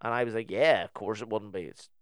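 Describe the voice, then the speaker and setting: A man's voice: fairly low pitch, fast, smooth, no room sound. A young man with a Northern Irish accent, telling a story in casual chat on a podcast and acting out both sides of the conversation.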